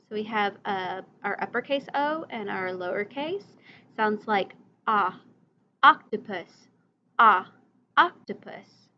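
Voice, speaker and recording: A woman teacher giving a recorded reading lesson, slowly modeling vocabulary words and letter sounds for young children and their parents. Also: medium pitch, muffled recording, a little hiss or hum.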